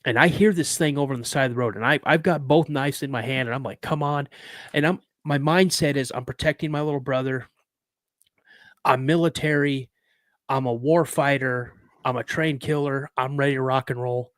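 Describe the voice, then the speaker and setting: A man's voice: medium pitch, steady tone, moderate pace, no echo. Guest, man in his 50s, dramatic storyteller, mid-range voice, dry mic. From United States. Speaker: podcast guest. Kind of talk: telling a personal story.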